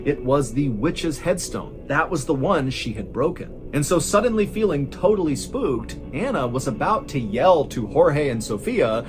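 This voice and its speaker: A man's voice: fairly high pitch, expressive, normal speed, hardly any pauses, music in the background. A man telling a true mystery story in a casual, conversational way, building suspense as he goes.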